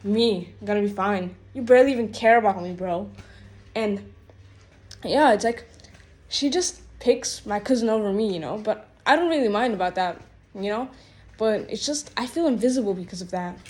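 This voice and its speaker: A woman's voice: mid-range voice, a little mellow. A woman telling a rambling, exasperated storytime rant, full of "like" and "bro" fillers. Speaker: vlogger.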